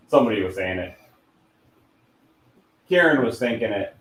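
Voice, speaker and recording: A man's voice: on the low side, expressive, slow, pauses often, fairly bright tone. A man hosting a casual hands-on product demo, joking and muttering to himself as he works. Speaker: host. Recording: roomy echo.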